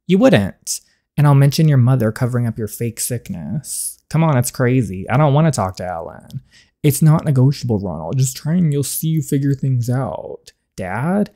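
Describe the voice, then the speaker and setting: Here a woman voices an interactive story game aloud, playing each character in her natural voice and jumping high and loud when she reacts. The intonation is lively and the speed normal.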